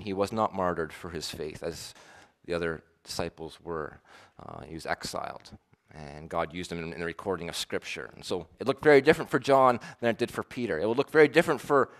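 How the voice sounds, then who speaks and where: A male pastor preaching a sermon, swinging between emphatic declarations and hushed, quiet lines, acting out quoted voices with a rising pitch. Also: fairly quick.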